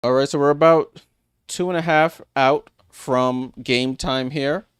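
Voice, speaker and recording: Hosting a casual live-stream sports watchalong, this man speaks at medium pitch in a steady, smooth, unhurried voice. He recaps scores loosely, full of fillers and restarts, and replies to viewers by name; the studio sound is clean with no room echo.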